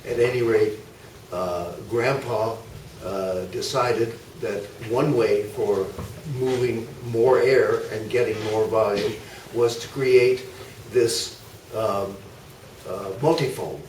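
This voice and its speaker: An older man giving an informal, anecdotal history talk to a club audience, pausing often with fillers and asides. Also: lowish voice, fairly even intonation, a little mellow. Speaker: guest speaker. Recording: echoey hall, mic far off, faint noise.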